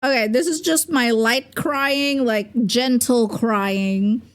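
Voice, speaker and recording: A woman's voice: a little high, takes it slowly. A young adult woman chatting casually on a livestream as a VTuber, rambling and giggling with lots of fillers. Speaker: VTuber streamer.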